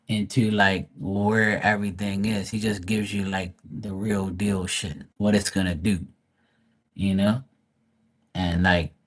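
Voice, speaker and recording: A man chatting casually on a livestream, blunt and profane, rambling with frequent restarts. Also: fairly low pitch. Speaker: live stream host.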